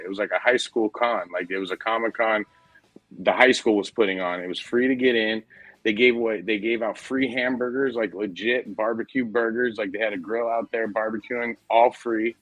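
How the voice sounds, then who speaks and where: Host, forties, low and dry, swears freely, says dude, loose storyteller. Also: male voice, fairly even intonation, brisk, a bit bright, no room sound, faint music behind, poor audio. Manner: profane, rambling storyteller, says dude a lot. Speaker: podcast host. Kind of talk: casual chat.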